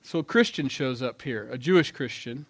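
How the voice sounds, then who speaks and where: Guy preaching a sermon, chatty, middle pitch, gets loud then drops quiet for asides. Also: expressive, moderate pace. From Norwegian heritage. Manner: conversational, with asides and sudden shifts between loud emphasis and quiet remarks. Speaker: pastor.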